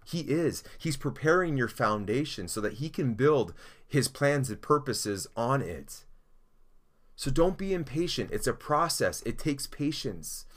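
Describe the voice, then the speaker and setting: A man preaching a sermon as a pastor, telling a story with acted-out voices and then leading a prayer. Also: medium pitch. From Canada. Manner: storytelling, acts out quoted characters, ends in prayer. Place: church.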